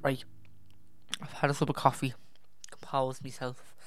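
Young true crime podcast host, casual and easily distracted, clear voice, dry home mic. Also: medium pitch, little pitch movement, a little slow, dry recording. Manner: rambling, self-correcting, easily distracted; sighs and drops to a near whisper at times. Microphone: own podcast microphone.

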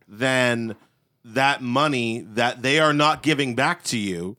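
A man's voice: mid-range voice, slow, bright, forceful tone. A man co-hosting a legal podcast, making his case in a chatty, argumentative way, often tagging "right?" onto his points. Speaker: podcast co-host. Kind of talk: casual podcast debate.

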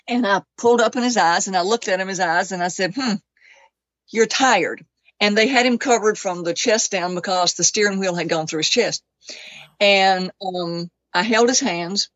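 Animated woman telling a personal story. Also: medium pitch, moderate pace, no room sound. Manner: animated, acts out other people's lines; emotional, close to tears at times. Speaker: interview guest. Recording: dull, lo-fi dry recording.

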